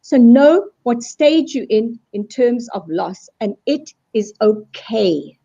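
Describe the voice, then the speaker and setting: A woman speaking as a guest in a live video call discussion, animated and acting out quoted voices as she explains. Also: fairly high pitch, slow, vocal fry, husky. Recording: dull lo-fi video call audio.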